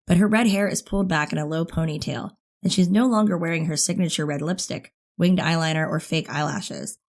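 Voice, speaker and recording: A woman narrating a first-person teen thriller audiobook in an expressive, intimate way. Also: sits low.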